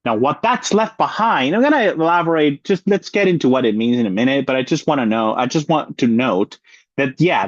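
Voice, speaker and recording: A man's voice: medium pitch, expressive, fairly quick, dry recording, highs cut off. A man working as a market analyst, talking through charts in a weekly update, often repeating and rephrasing his points.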